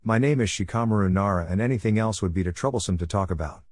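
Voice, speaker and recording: A man's voice: on the low side, fast talker, a little mellow, dry recording, studio quality, lightly acted. A man voicing a lazy, sleepy boy ninja student in a read-aloud story. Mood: bored.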